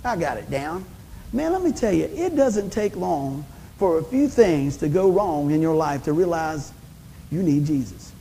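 Man, sermon, folksy, acts out dialogue, high pitch, dark mellow tone. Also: lively intonation, a little slow, gravelly, long reverb tail, a little hiss or hum, low-quality recording. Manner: folksy, storytelling, acts out conversations with big pitch swings. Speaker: pastor.

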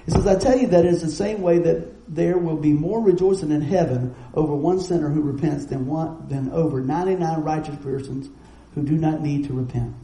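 A middle-aged man, preaching a sermon in a folksy, storytelling way with quick asides. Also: fairly high pitch, mellow, echoey room, low-quality recording. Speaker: pastor.

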